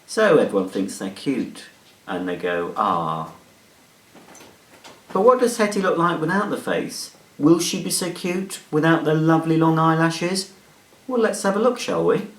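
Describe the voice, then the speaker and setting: A man's voice: on the high side, lively intonation, normal speed. A man giving a chatty, playful product demonstration with jokey asides. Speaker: product reviewer. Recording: roomy echo.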